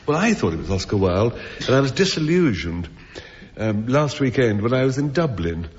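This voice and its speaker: On a comedy panel show, a man spins a rambling, funny anecdote for a theatre audience, chuckling and restarting as he goes. His medium-pitched, darkish voice is very animated at a moderate pace. The old lo-fi radio broadcast carries hall reverb from the stage.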